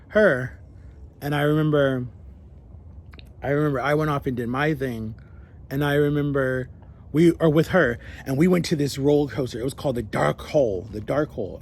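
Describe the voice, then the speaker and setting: Young guy rambling thru a story to camera, average pitch, little background hiss. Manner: rambling, animated, acts out quoted voices. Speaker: vlogger. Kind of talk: casual storytelling.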